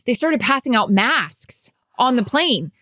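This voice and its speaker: A woman co-hosting a podcast in casual chat, telling a story in an animated way and acting out the quotes. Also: fairly high pitch, measured pace, dry recording, studio quality. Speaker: podcast co-host.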